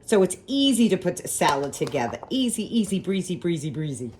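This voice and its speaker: Very animated and brisk, a woman with a lowish, slightly mellow voice rants sarcastically and chattily on a phone vlog, talking to viewers as friends. She runs errands in the car and grocery store, then cooks at home, with slight background noise.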